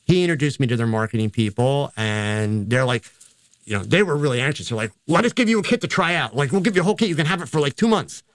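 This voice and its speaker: A man's voice: medium pitch, lively intonation, quick pace, no room sound. An older man, a photographer and teacher, telling stories in a casual, rambling, self-deprecating way in an interview. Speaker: photographer and educator.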